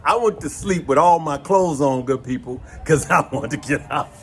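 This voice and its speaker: Animated man telling stories. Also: a little high, moderate pace, faint music behind. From West Side of Chicago. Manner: animated, folksy, addresses viewers as "good people" and "y'all". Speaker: host. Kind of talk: casual chat and storytelling.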